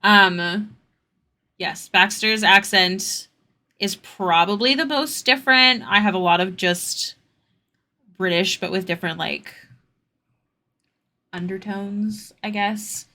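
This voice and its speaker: A woman's voice: medium pitch, takes it slowly, long pauses, sharp tone. A young woman streamer chatting casually with her viewers while she draws, answering their questions in rambling asides.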